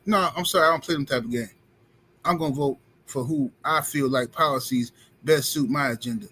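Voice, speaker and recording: A man's voice: medium pitch, brisk, a bit bright, a little hiss or hum, low-quality recording. A man hosting a live stream, speaking bluntly in casual commentary and often repeating his phrases. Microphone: streaming setup mic.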